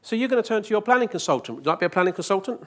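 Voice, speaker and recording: A man's voice: high-pitched, animated, very fast, fairly bright tone. A man giving a live conference presentation, joking with the audience and asking rhetorical questions. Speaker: conference speaker. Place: conference hall.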